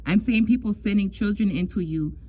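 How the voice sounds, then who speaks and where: A woman's voice: mid-range voice, fairly quick, mellow, slight background noise, rough recording. Chatty woman giving a love reading. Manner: chatty, repeats herself, calls the listener "girl". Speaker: tarot love reader. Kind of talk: casual astrology reading.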